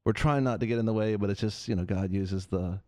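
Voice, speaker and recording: A man's voice: on the low side, fast talker, darkish tone, no echo. A man hosting a Christian talk show, preaching earnestly and repeating phrases for emphasis. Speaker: host of a Christian TV and radio show.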